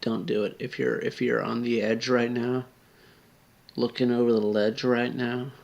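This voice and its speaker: Drunk man, near tears, gravelly slurred pleading that sinks to whispers. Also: medium pitch, level tone, measured pace, a little mellow, lo-fi sound. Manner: earnest, pleading, drops to whispers. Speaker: video blogger. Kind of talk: emotional direct-to-camera appeal.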